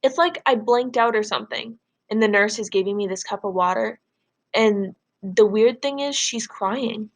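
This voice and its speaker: A woman teacher reading a novel aloud to her students in a measured, expressive way, then setting them a question. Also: mid-range voice.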